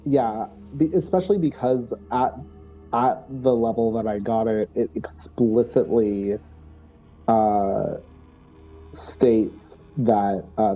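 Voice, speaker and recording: A man's voice: on the low side, warm tone, breathy edge, highs cut off. A man playing a tabletop role-playing game, explaining his character's move with many restarts and fillers. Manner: hesitant, many restarts and fillers, laughs often. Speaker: player.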